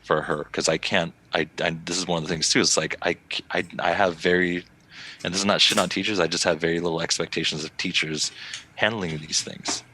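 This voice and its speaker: A young man hosting a podcast, chatting casually and fast with plenty of swearing. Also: deep voice, slight background noise. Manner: fast, profane, animated storytelling. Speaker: podcast host. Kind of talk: casual chat.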